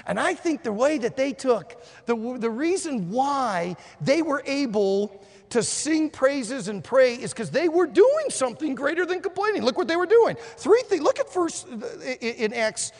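A man preaching a sermon, telling a story and swinging between hushed and shouted delivery. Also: extremely high pitch, very animated, unhurried. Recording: long hall reverb.

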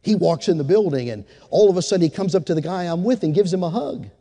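A man's voice: sits high, animated, quick pace, mellow, big-room sound. A man preaching a sermon, telling a story and then rising into fervent exhortation to his congregation. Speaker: pastor.

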